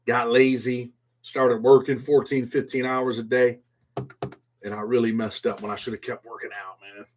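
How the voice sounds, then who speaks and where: A middle-aged man hosting a casual live stream, reading chat and talking bluntly in street slang, dropping "man" after nearly every phrase. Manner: swings from low mumbles to loud excited outbursts.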